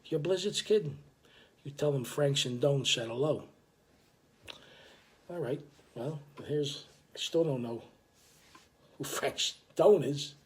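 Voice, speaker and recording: Older man, street storyteller, profane, animated, middle pitch. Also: slow pace, pauses often. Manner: animated, profane, full of restarts. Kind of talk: casual storytelling.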